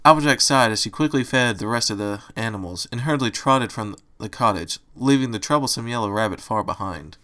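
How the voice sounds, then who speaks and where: A man reading a fan fiction story aloud in a steady storytelling manner. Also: fairly low pitch, fairly quick, few pauses. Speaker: storybook reader.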